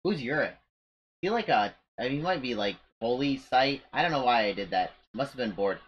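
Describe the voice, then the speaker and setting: A man's voice: medium pitch, expressive, brisk, muffled recording, a little hiss or hum. A man giving casual commentary on his strategy game, rambling and poking fun at his own moves. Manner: rambling, self-mocking, often restarts sentences. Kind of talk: casual let's-play commentary.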